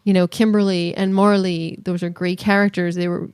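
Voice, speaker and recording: A woman's voice: fairly low pitch, little pitch movement, moderate pace, darkish tone, clear, resonant tone, no echo, studio quality. A woman co-hosting a podcast, chatting casually and acting out little quoted voices as she tells stories. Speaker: podcast co-host. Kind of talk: casual chat.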